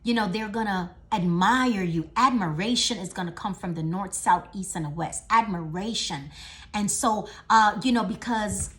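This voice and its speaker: A middle-aged woman speaks in a motivational talk, with a voice at an everyday middle pitch. She stresses her points with repeated phrases and swings between loud declarations and hushed lines. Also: normal speed.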